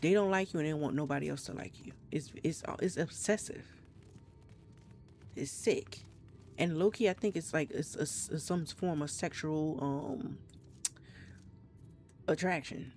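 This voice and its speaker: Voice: medium pitch, unhurried, long pauses, a little mellow, faint music behind. Rambling, frank streamer with a slight Trinidadian lilt. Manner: rambling, frank and profane, many restarts. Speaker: gameplay streamer. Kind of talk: casual live-stream chat. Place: home, South Florida.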